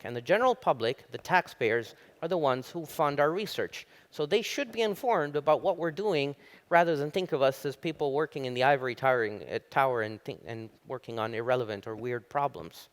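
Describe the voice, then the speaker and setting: Animated male professor lecturing. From Italy. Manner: animated storyteller, rises high when telling jokes. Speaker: university professor giving a lecture. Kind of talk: public lecture. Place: lecture hall.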